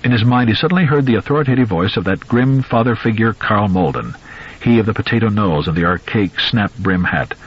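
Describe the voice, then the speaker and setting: A man narrating a novel in a measured, suspenseful storytelling voice. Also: fairly low pitch, lively intonation, slightly rough, lo-fi sound. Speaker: audiobook narrator.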